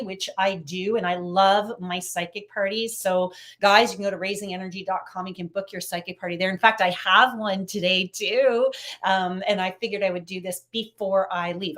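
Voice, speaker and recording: A woman's voice: mid-range voice, a bit bright. Upbeat woman psychic chatting to viewers on a phone live from home. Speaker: psychic reader hosting a livestream. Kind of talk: casual livestream chat with readings.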